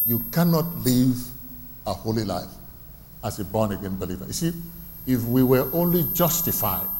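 A man's voice: mid-range voice, animated, normal speed, mellow, a little hiss or hum. A man preaching a sermon in a church hall. He asks the congregation questions and repeats his key phrases. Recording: long reverb from a hall, faint ambience.

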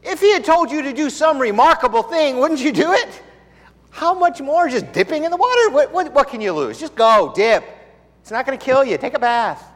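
A man doing a high, pleading servant. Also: big pitch swings, moderate pace. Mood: coaxing. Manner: high, urgent, coaxing. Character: pleading male servant coaxing his master. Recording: long hall reverb.

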